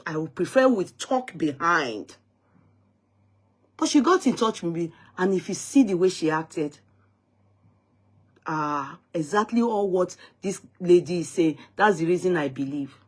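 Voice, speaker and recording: Emphatic woman hosting a live talk show. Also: on the low side. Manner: emphatic, indignant, repeats herself. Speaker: host of an online talk show. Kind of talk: live-stream talk show, recounting a dispute.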